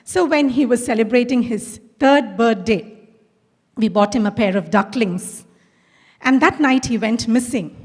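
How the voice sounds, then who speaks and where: A woman's voice: a little high, darkish tone. Indian woman principal telling stories on stage. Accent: Indian English. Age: middle-aged. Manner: storytelling, acts out quoted dialogue. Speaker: school principal. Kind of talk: inspirational conference talk. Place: large conference hall. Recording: long hall reverb.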